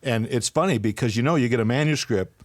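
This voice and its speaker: A man's voice: medium pitch, fast talker, no room sound, studio quality. An older man, a psychologist and guest on a radio interview, telling a personal story as he tears up and laughs.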